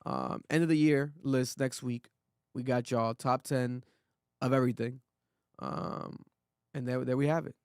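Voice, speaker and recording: A man's voice: mid-range voice, fairly even intonation, measured pace, gravelly, a little mellow, smooth, dry recording, clean studio sound. A man from Rhode Island hosting a podcast, earnest and rambling with many fillers, losing his voice. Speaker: podcast host. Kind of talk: casual podcast chat.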